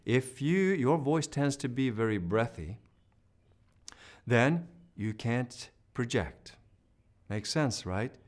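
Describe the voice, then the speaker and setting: A man's voice: mid-range voice, expressive, slow pace, long pauses. A man teaching a singing lesson, coaching and demonstrating vocal sounds and sung notes, with encouraging talk.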